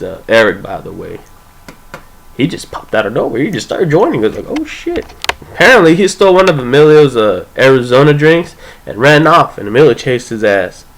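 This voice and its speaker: A young man spins a casual story from his school days, his voice lively and bouncing up and down as he acts out what everyone said. He talks loosely and swears freely. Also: slight background noise, poor audio. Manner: animated, profane, acts out quoted voices with big pitch jumps. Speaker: vlogger telling a personal story.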